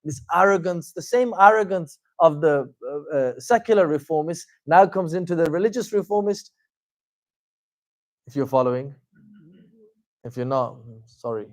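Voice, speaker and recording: A man giving an informal religious lecture as a teacher, animated and conversational, with frequent fillers and wry asides. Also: a little high, normal speed, long pauses, no room sound. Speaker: Islamic teacher giving a talk.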